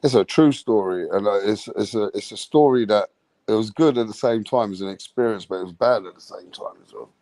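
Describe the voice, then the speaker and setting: A man's voice: lowish voice, a little fast, dark tone, no room sound. A man hosting a late-night podcast, telling a crude, swaggering story with laughter. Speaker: host.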